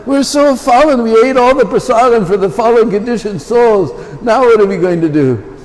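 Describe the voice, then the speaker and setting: A man's voice: very high-pitched, animated, normal speed, a little mellow, big-room sound, voice pushed up, rough recording. A man playing a frantic guilt-stricken young monk. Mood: dismayed. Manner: pleading, anguished repetitions.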